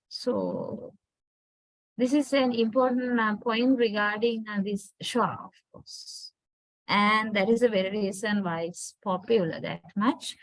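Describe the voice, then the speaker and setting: A woman's voice: mid-range voice, no room sound, poor audio. A woman from Sri Lanka with a Sri Lankan English accent, giving an English pronunciation lecture and often checking in with "right?". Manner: slow, deliberate, checks with "right?". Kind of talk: online lecture.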